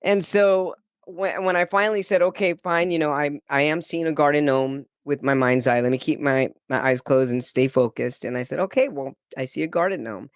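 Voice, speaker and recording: A man on a podcast shares an earnest spiritual story, his voice set a little high for a man. He acts out his own thoughts with lively swings and laughs easily. The sound is close and dry. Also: moderate pace, smooth, dry recording. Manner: animated, reenacts his own inner dialogue. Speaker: guest spiritual channeler.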